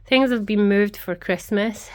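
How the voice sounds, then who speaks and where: A woman's voice: medium pitch, measured pace, darkish tone. A middle-aged woman talking casually as she works in her craft studio, rambling from one thing to the next. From Scotland. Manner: rambling, chatty, talks to her pets. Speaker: craft vlogger. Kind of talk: casual chatty vlog.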